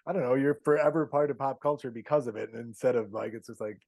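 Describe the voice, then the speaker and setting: Husky man rambling as a podcast guest. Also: mid-range voice, fast talker, a little mellow, no room sound. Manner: rambling, lots of "like" and "you know". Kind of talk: casual chat.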